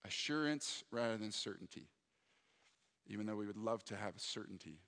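A man's voice: on the low side, lively intonation, normal speed, fairly bright tone. A man preaching a sermon as a pastor, earnest and reflective, sometimes acting out his own prayers. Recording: hall reverb.

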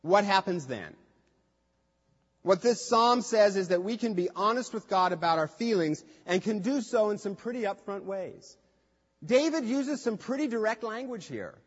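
Male preacher, high-pitched, chatty delivery that slips into playful quoted voices; dull recording. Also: expressive, normal speed. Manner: conversational, acts out quoted voices with humor. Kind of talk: sermon. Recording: dull lo-fi sound with long hall reverb.

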